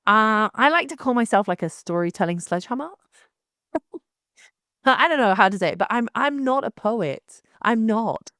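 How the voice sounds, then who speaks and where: A young woman, hosting her own podcast in a blunt, animated, casual monologue with frequent restarts. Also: on the high side, normal speed, dry recording, clean studio sound.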